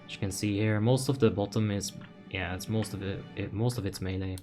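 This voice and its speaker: A young man from the Netherlands doing casual live gameplay commentary, reading chat aloud with excited bursts. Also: on the low side, brisk, faint music behind. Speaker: game streamer.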